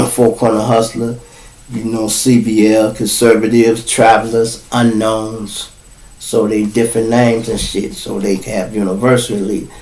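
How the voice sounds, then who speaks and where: Man, Chicago accent, podcast host, storytelling, acts out voices, laughs and shouts, echoey room. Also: lowish voice, level tone, unhurried, gravelly. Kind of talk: animated storytelling. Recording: roomy echo.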